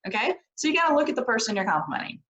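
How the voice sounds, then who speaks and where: A woman leading a social skills lesson for students, animated and often checking in with short questions. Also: fairly high pitch, rapid-fire, highs cut off. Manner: animated, keeps checking in with "okay?". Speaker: program director teaching social skills. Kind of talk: lively classroom video lesson. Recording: echoey room.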